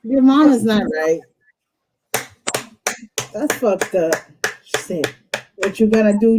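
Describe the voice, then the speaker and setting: A woman hosting a live tarot stream reads cards in a mid-range, slightly mellow voice, speaking slowly and expressively with long pauses. She talks bluntly, swears freely, leans straight into the listener, and gets fired up when something strikes a nerve. The recording is rough, with a little hiss or hum.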